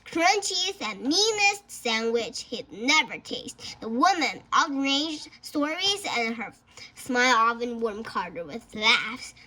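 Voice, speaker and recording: A woman reading a children's novel aloud, halting and often stumbling and restarting words. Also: high voice, pushed and bright. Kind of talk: storybook read-aloud.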